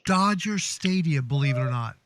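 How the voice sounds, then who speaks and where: A man with a somewhat high voice hosts a casual live chat. He keeps things upbeat and relaxed, reading comments from viewers aloud as they come in. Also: moderate pace, a little hiss or hum. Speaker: host of a live stream show.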